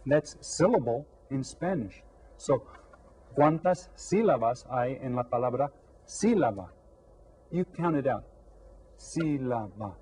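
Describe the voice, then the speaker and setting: Slow, mellow-voiced man teaching. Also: mid-range voice, animated, breathy edge, low-quality recording. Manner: slow, drawn-out repetition of words. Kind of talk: classroom lesson to children.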